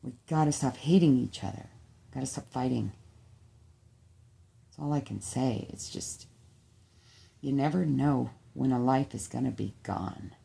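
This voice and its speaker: A woman speaking to her viewers in a heartfelt personal vlog, her voice gravelly with heavy fry. Her tone is dark and mellow. She pleads and repeats her appeals, emotional and close to tears. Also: extremely low pitch. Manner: heartfelt, pleading, repetitive exhortations. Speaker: vlogger.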